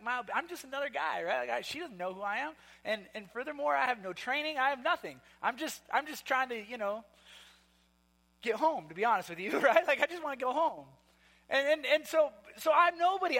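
A man's voice: very high voice, bright, forceful tone, in a large hall. A man preaching a sermon, telling a story in a loose, conversational way with restarts and fillers. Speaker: pastor.

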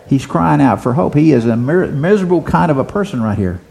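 A man's voice: a little high, lively intonation, fairly quick, gravelly, darkish tone, slight background noise. A man preaching a sermon, asking the congregation rhetorical questions and repeating phrases for emphasis.

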